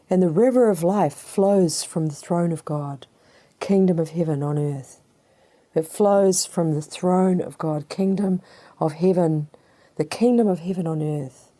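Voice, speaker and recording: A woman delivering a sermon in an unhurried, deliberate way. Her voice sits low and mellow, and she circles back on her phrases with rhetorical questions she answers herself. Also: dry recording. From New Zealand. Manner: repetitive, rhetorical call-and-response questions. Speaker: preacher.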